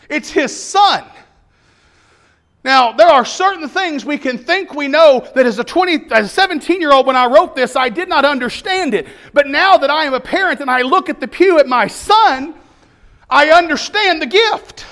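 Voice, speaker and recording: A man's voice: very high voice, a bit bright. A man preaching a sermon, emphatic, building his points with rhythmic repetition.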